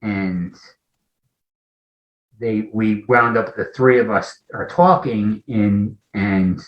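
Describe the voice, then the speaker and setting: A man with a low voice tells his personal story as an interview guest, candid and meandering. The sound is roomy and slightly dull, like a lo-fi recording in an echoey space. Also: takes it slowly. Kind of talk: personal recovery story in conversation.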